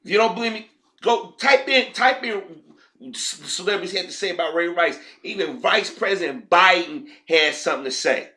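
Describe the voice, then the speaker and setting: A man rants through his own commentary in a heated, emphatic and profane way. His voice sits fairly high for a man and comes out forceful and tense. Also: moderate pace. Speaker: vlogger. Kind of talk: ranting commentary.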